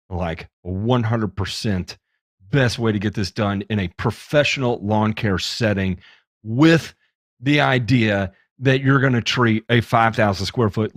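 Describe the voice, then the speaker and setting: A man's voice: lowish voice, no echo, studio quality. A man hosting a podcast in casual chat, joking and teasing his guests and swearing freely. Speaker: podcast host.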